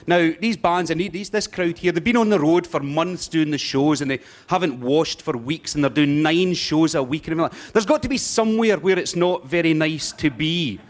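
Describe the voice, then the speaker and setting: Wry stand-up comic on stage. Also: male voice, on the high side, brisk, few pauses. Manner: wry, conversational. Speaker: stand-up comedian. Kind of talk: live stand-up.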